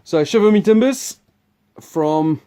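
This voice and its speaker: Mellow-voiced man hosting a board game chat. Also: high voice, expressive, slow pace, clean tone. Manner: rambling, chuckling, restarts sentences. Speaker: host presenting a board game preview.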